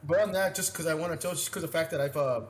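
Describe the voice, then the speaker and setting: A man tells stories on a podcast in a loose, rambling way, swearing freely and getting animated. His voice sits fairly high for a man. The room sounds echoey, with a faint hiss underneath. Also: quick pace. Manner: rambling, profane, animated storyteller. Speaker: podcast co-host. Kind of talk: casual storytelling chat.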